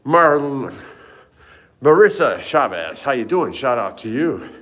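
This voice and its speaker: A man's voice: mid-range voice, very animated, takes it slowly, a bit bright. An older man casually chatting with live viewers as he walks hotel hallways and stairwells, a little out of breath, greeting people by name. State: slightly out of breath from climbing stairs. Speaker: fitness vlogger. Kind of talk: casual live-stream walk vlog.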